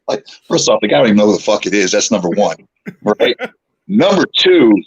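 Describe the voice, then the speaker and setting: A gravelly, fairly low-voiced former wrestler in middle age spins a long, animated anecdote as an interview-show guest, laughing and imitating the people involved. The sound is lo-fi with background noise.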